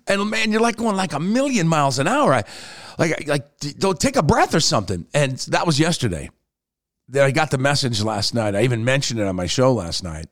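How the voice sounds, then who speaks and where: Animated, chatty male podcast host. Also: no echo, studio quality. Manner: animated storytelling, quick pitch swings. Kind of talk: casual solo podcast talk.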